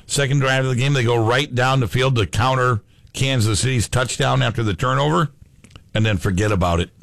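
Bright-ish, brisk and touched with vocal fry, this medium-pitched male voice comes through with studio quality and no echo. He co-hosts a sports talk show, joking around, trading banter with his partner and doing fake accents.

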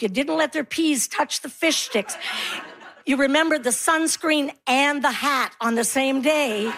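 A middle-aged woman performing a stand-up routine, telling stories and acting out her kids and herself. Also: sits high. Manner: animated storytelling, acts out her kids and herself. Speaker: stand-up comedian.

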